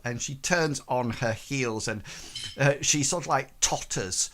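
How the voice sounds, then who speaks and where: A man narrating a tabletop game as game master, in a halting, hesitant way with many pauses and restarts. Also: medium pitch, a bit bright.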